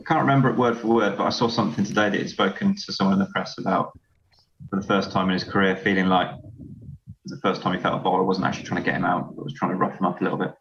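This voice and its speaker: A man's voice: deep voice, fairly even intonation, fairly bright tone, muffled recording, a little hiss or hum. A man in his thirties with a Yorkshire accent, a professional cricketer talking casually and matter-of-factly. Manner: quick, matter-of-fact. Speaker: county cricketer guest. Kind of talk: casual podcast chat.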